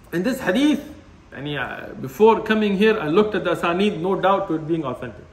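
A man giving an impassioned religious lecture, blunt and animated, laughing as he rants and dropping Arabic terms. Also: high-pitched, moderate pace, slight background noise. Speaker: Islamic lecturer. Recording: echoey room.

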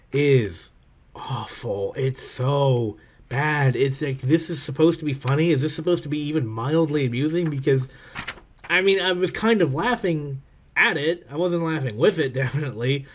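A man reviews a comic in loose, casual commentary. He rambles and trails off, with many fillers. His remarks are dry and sarcastic, and he laughs often. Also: on the high side.

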